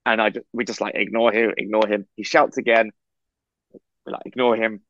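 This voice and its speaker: English man telling a lively story. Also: on the low side, brisk, lo-fi sound, a little hiss or hum. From England. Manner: animated storyteller, acts out quoted voices. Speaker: podcast co-host. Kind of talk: casual storytelling. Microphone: video call.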